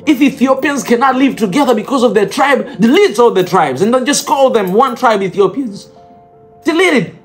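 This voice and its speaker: A man's voice: very high-pitched, animated, brisk, hardly any pauses, soft background music. A man with an East African accent making an impassioned, pleading appeal to his viewers, repeating his phrases for emphasis. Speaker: video blogger addressing viewers. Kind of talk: impassioned direct-to-camera appeal.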